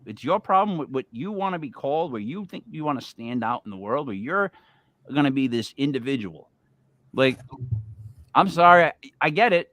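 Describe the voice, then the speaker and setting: A man's voice: mid-range voice, very animated, brisk, fairly bright tone, dry recording. A man hosting a casual podcast chat, talking emphatically and repeating words as he makes his point. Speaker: host.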